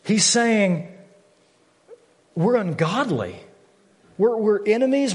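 A man's voice: sits high, lively intonation, slow. A man in his thirties preaching a sermon, earnest and candid, often repeating words as he stresses a point. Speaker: pastor. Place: church sanctuary. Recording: long hall reverb from a church.

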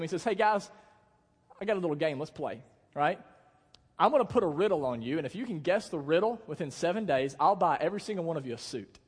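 High-voiced joking young preacher in a hall. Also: male voice, husky. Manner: casual, joking storytelling with acted-out quotes. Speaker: pastor. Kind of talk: sermon. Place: church hall. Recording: long hall reverb.

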